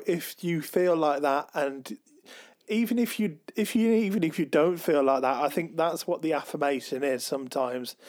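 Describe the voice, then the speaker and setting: A man co-hosting a podcast in casual chat, talking slowly with many ums and restarts. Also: fairly high pitch, a little mellow. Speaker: podcast co-host.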